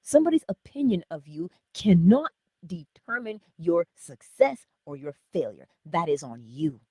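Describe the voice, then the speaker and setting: Husky, animated woman giving a pep talk. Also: on the low side, normal speed, no echo, studio quality. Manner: animated, laughing, talks to chat. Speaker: livestream host. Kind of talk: motivational livestream talk.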